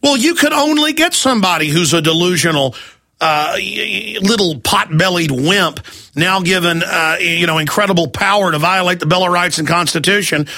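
Male talk radio host, ranting hard, high forceful voice, fires off angry questions. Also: lively intonation. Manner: angry, ranting, rapid-fire rhetorical questions. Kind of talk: heated talk radio rant.

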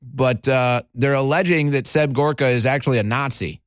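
A man's voice: mid-range voice, smooth, dry recording, studio quality. Sarcastic male talk radio host. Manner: sarcastic, mocking, dramatic pauses. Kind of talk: talk radio monologue and call-in.

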